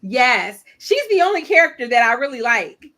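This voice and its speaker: High-pitched, playful woman panelist. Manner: expressive, playful, drawn-out asides. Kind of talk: casual panel discussion.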